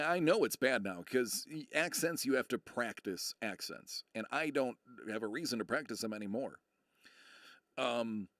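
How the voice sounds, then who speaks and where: A middle-aged man from the United States chats casually on a live stream, wandering between thoughts and joking at his own expense. His voice sits at an everyday middle pitch. The sound is close and dry, with no room around it. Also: a bit bright, no echo. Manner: rambling, self-deprecating, many fillers and restarts.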